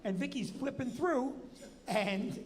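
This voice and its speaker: Animated New Jersey male host, storyteller who acts out quotes; reverberant hall. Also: slow pace. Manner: animated, acts out quotes with big pitch jumps. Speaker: comedian and show host. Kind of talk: storytelling on a live show.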